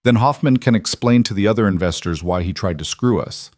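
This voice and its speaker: A man's voice: on the low side, animated, a little fast, darkish tone, no echo, clean studio sound, close to an everyday voice. A man voicing a curt, commanding CEO. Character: curt demanding male billionaire CEO.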